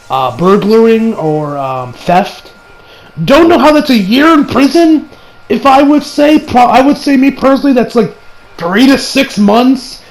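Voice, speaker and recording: A man's voice: high voice, rough recording. An American man, a young adult, recapping an anime episode in a rambling, profane, casual way, with many fillers and restarts. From United States. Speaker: anime reviewer.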